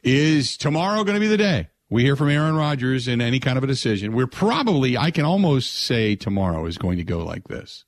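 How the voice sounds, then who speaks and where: A man's voice: a little fast, few pauses, dry recording. A man hosting a sports talk radio show, chatting casually and mimicking others in exaggerated voices. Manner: animated, mocks others in high put-on voices.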